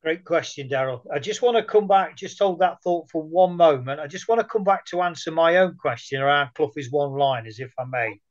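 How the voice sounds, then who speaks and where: A man's voice: a little high, lively intonation, fairly quick, hardly any pauses. A man telling anecdotes in a casual conversation, chatty and rambling. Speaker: guest. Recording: muffled lo-fi audio.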